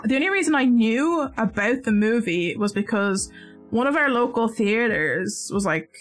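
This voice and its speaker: A slightly high-voiced woman chats on a live stream while crocheting at home. She rambles freely, breaking off and restarting sentences. Soft music plays faintly behind her. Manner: chatty and rambling, with frequent restarts.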